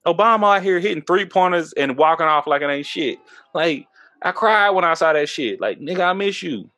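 A man from Texas in his thirties, hosting a podcast, talking politics in a loose, profane way and going high when he gets worked up, a little tipsy from drinking. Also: animated, a little fast, sharp tone. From Texas, USA. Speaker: podcast host. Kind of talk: casual political chat.

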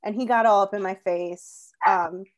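A young woman recounts things in a loose, chatty way, full of fillers and quick asides. Her voice sits at an ordinary middle pitch. It feels like an easygoing conversation between friends. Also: muffled recording. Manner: chatty, animated storytelling with many "like"s. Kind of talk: casual chat.

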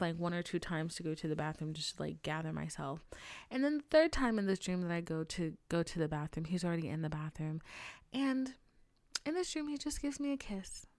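A woman talks to her podcast mic up close, and the sound is dry with no room in it. She swings between hushed asides and loud, exasperated bursts, with lots of swearing and big dramatic delivery. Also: on the low side, clear, resonant tone, no room sound. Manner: animated, profane, dramatic swings into loud outbursts and whispers. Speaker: podcast host. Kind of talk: casual solo podcast storytelling.

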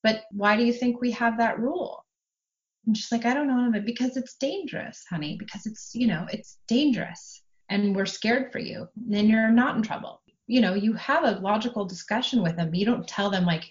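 A mother in her forties talking calmly and at length about parenting, acting out her own and her daughter's lines in quoted dialogue. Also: a little high, fairly quick, highs cut off. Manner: calm, explanatory, acts out quoted dialogue. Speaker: parenting guest. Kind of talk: podcast conversation.

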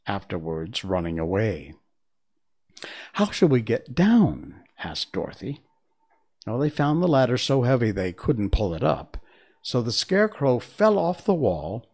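A man reading a fairy tale aloud in an expressive storytelling manner. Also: medium pitch. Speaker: narrator.

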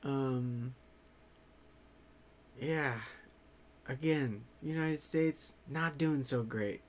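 A man talking loosely to his audience at an unhurried pace. He rambles and drops casual swears, stopping often on ums and restarts. His pitch sits in the middle range. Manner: rambling, swears freely, halting with many fillers. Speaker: vlogger. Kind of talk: casual chat to viewers.

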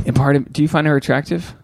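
A man's voice: fairly high pitch, fairly even intonation, normal speed, vocal fry, a little mellow, no echo. A young man co-hosting a casual podcast, rambling and crude as he tells stories and acts out quoted lines. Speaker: podcast co-host.

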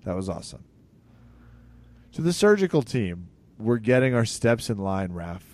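A man co-hosting a podcast in casual comedic chat, joking and animated, with sudden loud emphasis. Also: fairly low pitch, moderate pace. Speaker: podcast co-host.

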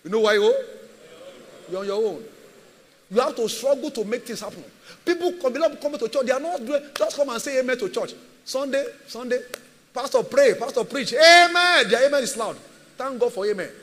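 A man's voice: very high voice, a little fast, big-room sound. A man preaching a sermon as a pastor, emphatic and repetitive, firing rhetorical questions at his church.

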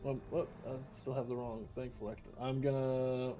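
A man's voice: medium pitch, little pitch movement, normal speed, warm tone, soft background music. A man playing a tabletop game, thinking aloud with many fillers. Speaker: player.

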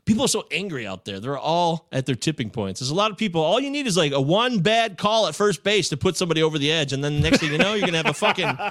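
A man's voice: a little high, animated, fast, hardly any pauses, fairly bright tone, no room sound. A young man co-hosting a casual chat, telling profane stories with acted quotes. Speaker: podcast co-host.

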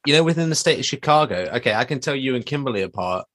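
Male co-host, East Midlands English accent, lively pitch, teasing banter. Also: rapid-fire. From Nottingham, England. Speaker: podcast co-host. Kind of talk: casual chat.

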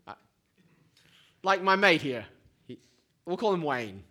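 Bright-voiced preacher. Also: male voice, fairly high pitch, big pitch swings, slow pace. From Australia. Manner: informal, keeps checking in with "right?". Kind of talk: conversational sermon.

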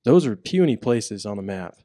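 Young male co-host, warm low voice, earnest and lively in retelling, dry close mic. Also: normal speed, dry recording. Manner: earnest, animated when retelling. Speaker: podcast co-host. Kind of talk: casual chat.

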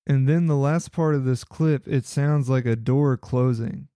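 A man's voice: mid-range voice, a little slow, heavy background noise. A man narrating his own paranormal recordings, earnest and speculative, in a casual voice-over. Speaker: paranormal investigator.

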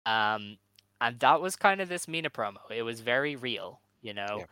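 A man's voice: mid-range voice, normal speed, sharp tone, clean tone, no room sound. A man co-hosting a casual chat, talking thoughtfully and reading quotes aloud with fillers. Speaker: podcast co-host. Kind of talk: casual chat about pro wrestling.

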